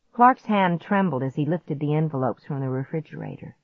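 A woman's voice: deep voice, expressive, fairly quick, hardly any pauses, no echo. A woman narrating a first-person suspense story in a dramatic reading style, in dry, slightly dull lo-fi audio.

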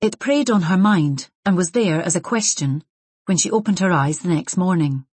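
A woman reads a novel aloud in a measured, even manner. Her voice sits low with a husky, breathy grain, and the recording is dry and close. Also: no room sound. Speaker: audiobook narrator. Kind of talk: scripted narration.

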